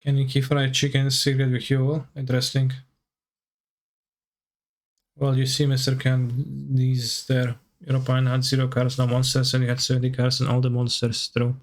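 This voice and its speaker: Casual chat over gameplay comes from a man streaming a card game, speaking at normal speed in a medium-pitched, totally flat voice. He talks easily with his viewers and now and then breaks into goofy, sing-song sounds.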